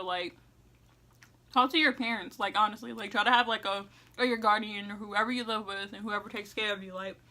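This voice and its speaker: A woman's voice: on the high side, pushed and bright. A young woman giving casual advice in a vlog, chatty and full of fillers, eating as she talks. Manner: chatty, heavy use of "like" and "you know what I'm saying"; eating while talking. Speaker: vlogger giving school advice.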